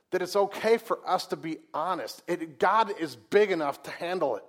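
Chatty, higher-voiced male pastor preaching. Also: moderate pace, few pauses, fairly bright tone. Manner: conversational, rhetorical questions to the congregation; folksy, humorous asides. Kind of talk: sermon.

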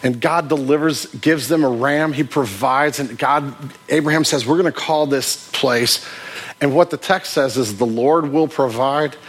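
A man's voice: mid-range voice, unhurried, husky. A man preaching a sermon in a conversational way, often restarting his phrases. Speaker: pastor.

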